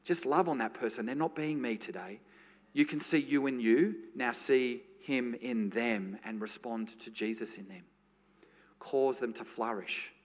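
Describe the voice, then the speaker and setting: Animated preacher in a reverberant church. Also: male voice, mid-range voice, normal speed. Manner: animated storytelling, dropping to soft prayerful tones. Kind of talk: sermon. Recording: long reverb of a church hall.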